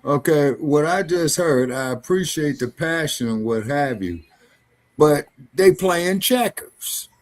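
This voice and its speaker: A man's voice: a little high, lively intonation, takes it slowly. A man co-hosting a talk show, speaking in a blunt, plain-spoken and preachy way in casual chat. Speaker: co-host.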